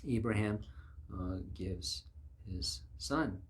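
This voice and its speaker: A man's voice: on the low side, measured pace, long pauses. A man preaching a sermon in an emphatic way, acting out the voices of the people he quotes.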